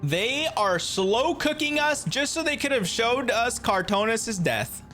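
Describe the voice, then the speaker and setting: A man streaming a reaction to a game, talking casually with animated, exasperated outbursts. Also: very high-pitched, unhurried, soft background music.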